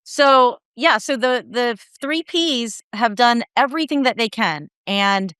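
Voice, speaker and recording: A woman hosts a podcast interview, quick and playful in her chatter. Her voice is bright, smooth and fairly high. The recording is dry and close, with no room around it. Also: lively intonation, dry recording. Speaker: podcast host. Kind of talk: conversational interview.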